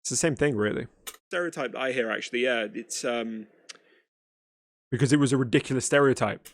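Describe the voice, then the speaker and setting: A man's voice: medium pitch, fairly quick. A man reacting to a video, arguing back in a blunt, exasperated, lecturing way. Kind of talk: argumentative reaction commentary.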